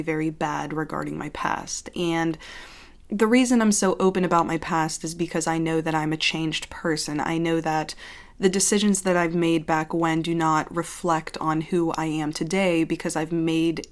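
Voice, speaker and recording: A woman in her thirties, originally from Pennsylvania, talks openly to her viewers in a loose, rambling vlog chat. Her voice sits low for a woman, and she keeps circling back with "um" and "like" as she gathers her thoughts. It sounds like an ASMR host dropping the whisper to speak plainly. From Johnstown, Pennsylvania, US. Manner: rambling and candid, many fillers like "um" and "like". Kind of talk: casual chat update vlog.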